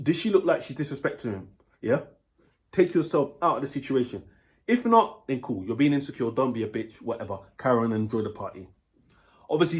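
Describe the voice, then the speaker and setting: A man's voice: mid-range voice, darkish tone. A man with a British accent, giving blunt dating advice in a casual monologue, swearing freely and checking in with his listener.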